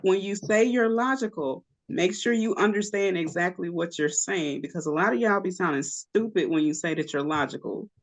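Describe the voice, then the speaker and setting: A woman's voice: lowish voice, normal speed, hardly any pauses, poor audio. A woman co-hosting a podcast in casual chat, talking in an emphatic, argumentative way. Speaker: podcast co-host.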